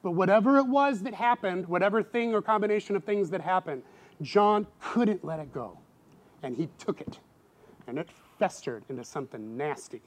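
A middle-aged man preaching a sermon in a lively way, acting out voices with sudden loud outbursts. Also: moderate pace. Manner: animated, acts out quoted voices with big pitch jumps. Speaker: pastor.

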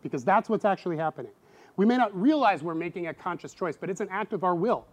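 High-voiced guy preaching a sermon, casual and animated, keeps acting out little voices. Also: fast. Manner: animated, acts out quoted voices with big pitch jumps. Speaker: pastor.

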